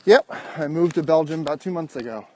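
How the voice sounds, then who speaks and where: A slightly high-voiced American man talks into his phone while climbing steep streets outdoors. He is winded but keeps up an easy, chatty livestream patter with his viewers. Faint outdoor ambience sits behind him. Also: fast talker, dark tone, a little hiss or hum, poor audio. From United States. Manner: chatty, answers viewer comments while walking. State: out of breath from climbing. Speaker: vlogger. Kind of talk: casual livestream chat.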